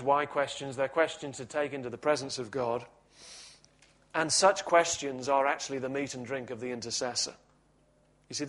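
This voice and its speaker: A man preaching a sermon in a measured, reflective teaching manner with touches of gentle humor. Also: mid-range voice.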